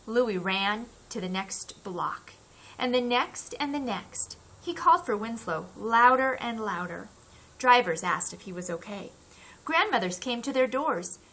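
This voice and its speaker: Brief: woman audiobook narrator for a children's novel, unhurried, bright and expressive. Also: fairly high pitch. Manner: expressive, acts out the characters' cries.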